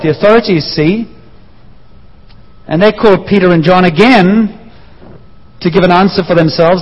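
A male preacher tells a story in a slightly raised voice and acts out the people in it with shifting voices. His words ring on in a long hall reverb, and the recording sounds a little dull and muffled. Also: sits high. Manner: lively storytelling, acting out voices. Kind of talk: sermon. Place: church hall.

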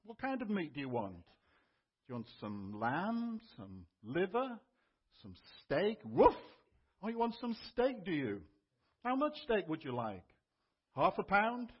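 Man voicing a friendly butcher, sing-song and coaxing, pitched up, husky. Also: huge pitch swings, unhurried, dull audio, full character voice.

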